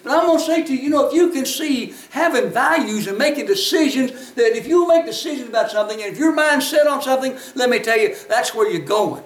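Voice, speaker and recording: A man preaching a sermon in a folksy storytelling way, at times rising to emphatic shouts. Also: very high-pitched, lively intonation, brisk, few pauses. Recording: echoey, from a distance off the mic.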